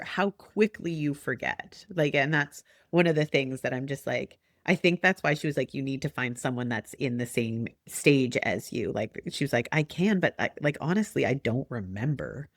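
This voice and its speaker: Lively woman in her forties, dry mic. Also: deep voice, no room sound. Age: 40s. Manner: animated, acts out remembered talk with laughs. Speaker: guest. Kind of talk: casual podcast chat.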